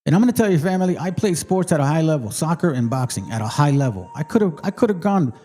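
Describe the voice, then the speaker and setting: A man's voice: fairly high pitch, animated, quick pace, warm tone, faint music behind. A middle-aged man from Mexico, hosting a channel and commenting emphatically on a played debate clip in a casual, preachy street manner. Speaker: channel host.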